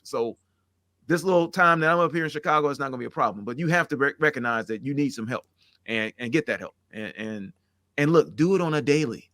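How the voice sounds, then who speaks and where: A man's voice: fairly high pitch, quick pace, pushed and bright, no echo, studio quality. A middle-aged man talking candidly and at length, rambling and acting out the conversations he recounts. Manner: rambling, earnest, acts out quoted exchanges. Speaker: podcast guest.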